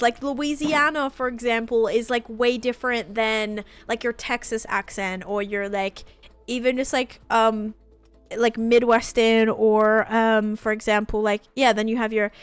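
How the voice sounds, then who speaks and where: A young woman from New York, chatting and rambling casually to viewers while streaming a game. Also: on the high side. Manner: rambling, chatty, thinking aloud. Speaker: gaming streamer. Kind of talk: casual livestream chat while playing.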